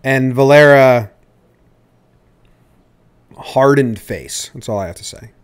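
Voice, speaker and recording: A man's voice: mid-range voice, takes it slowly, clear, resonant tone. A man co-hosting a casual baseball podcast, loose and profane, joking with his partner. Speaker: podcast co-host. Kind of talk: casual sports chat.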